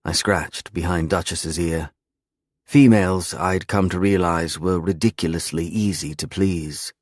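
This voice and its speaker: A man narrating a first-person romance audiobook in an expressive, dramatic reading. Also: deep voice, a little slow, no room sound, studio quality.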